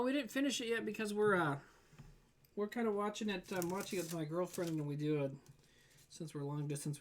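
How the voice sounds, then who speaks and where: A man chatting casually with viewers on a live stream, rambling and trailing off as he reads the chat. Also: fairly high pitch. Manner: rambling and loose, trailing off with fillers while reading chat.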